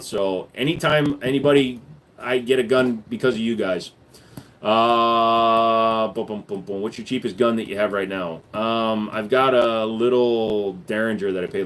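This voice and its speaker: Brief: blunt, profane male streamer, mid-pitched voice, casual chat Q&A. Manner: blunt and profane, with loose fillers. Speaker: gun channel host. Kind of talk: casual livestream Q&A reading chat.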